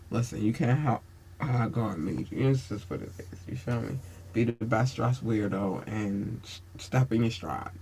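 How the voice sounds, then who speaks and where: A man hosts his own podcast and hands out blunt advice like a sermon. His voice sits at an everyday middle pitch. He swears freely and calls his listeners baby. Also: vocal fry, darkish tone, slightly rough. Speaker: podcast host. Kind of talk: casual advice monologue.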